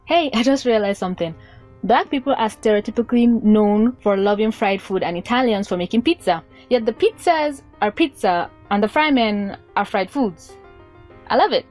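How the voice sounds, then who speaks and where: A woman's voice: mid-range voice, lively intonation, normal speed, a little mellow, soft background music. A woman giving sarcastic, casual commentary for her video, swearing freely. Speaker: YouTube commentator.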